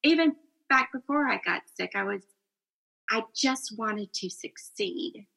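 Podcast co-host lady, raspy fry, bright tone, earnest casual chat. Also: on the high side, expressive, unhurried, low-quality recording.

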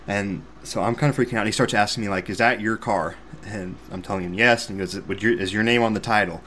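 A young man from Missouri hosting a podcast, telling a story in a casual, animated, self-deprecating way with sarcastic asides. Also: lowish voice, quick pace, slight background noise. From Missouri, USA. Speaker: podcast host.

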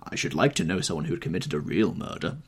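A man voicing a witty, cynical aristocratic gentleman who drawls amused epigrams, in an audiobook reading. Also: deep voice, lively intonation, fast talker, slightly rough, exaggerated voice.

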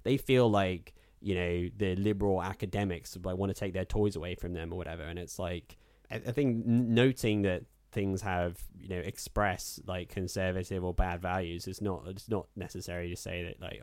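A man co-hosting a casual film podcast. He has a low voice and a rambling, hesitant delivery, full of fillers and wry asides. The sound is close and dry. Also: fairly even intonation, normal speed, few pauses, darkish tone, no echo. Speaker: podcast co-host.

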